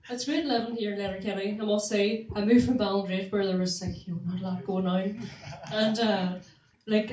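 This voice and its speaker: A young woman doing stand-up in a small club, animated, laughing at her own jokes and whooping. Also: a little high, background noise. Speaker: stand-up comedian. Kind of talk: stand-up comedy set. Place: small comedy club room. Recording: echoey room, mic from far off.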